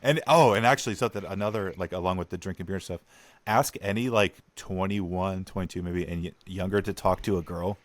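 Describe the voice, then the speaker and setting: Young guy w a low voice, chatting on a podcast, loves doing mocking voices. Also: a little fast, no echo. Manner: animated, mocks people in put-on voices. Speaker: podcast co-host. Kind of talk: casual chat.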